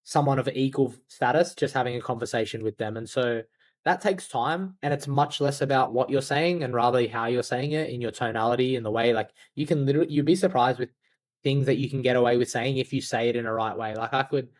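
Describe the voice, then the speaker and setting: A man's voice: medium pitch, brisk, no echo. A man speaking as a podcast guest, loose and candid, swearing now and then and leaning on "like" as he gives sales advice. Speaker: podcast guest, outbound sales agency founder. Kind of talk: casual interview talk.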